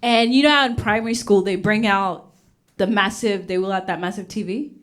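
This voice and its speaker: Animated young woman comedian from Uganda. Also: medium pitch, fairly quick. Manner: animated, acts out voices, drops to whispers for punchlines. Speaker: stand-up comedian. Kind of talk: stand-up comedy storytelling. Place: comedy stage before a live audience.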